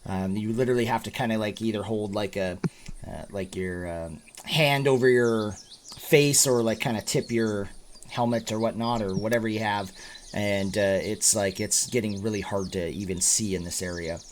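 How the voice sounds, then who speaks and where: A man's voice: fairly low pitch, fairly even intonation, moderate pace, slight background noise. A man narrating as game master, with a loose, rambling delivery full of fillers.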